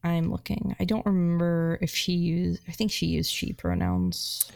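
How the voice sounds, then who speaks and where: A woman's voice: on the low side, very animated, unhurried, creaky, a little mellow. A woman co-hosting a podcast, chatting casually about a film and adding her own points. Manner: short agreeing replies, adds her own points. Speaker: podcast co-host. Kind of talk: casual movie chat.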